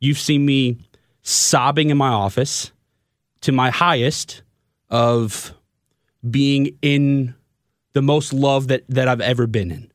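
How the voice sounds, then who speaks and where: A young man in his twenties hosts a candid podcast chat, stumbling over his words and turning openly emotional as he speaks. His voice sits at an ordinary middle pitch. The sound is close and dry. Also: fairly even intonation, no room sound. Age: 20s. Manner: halting, stammering and openly emotional. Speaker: podcast host and radio broadcaster.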